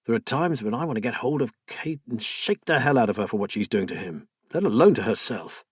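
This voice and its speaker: A weary, blunt detective, as the male narrator plays him, gruff in his delivery. The husky voice is close to the narrator's own. The recording is dry and intimate. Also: medium pitch, expressive, a little fast, no echo. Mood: frustrated.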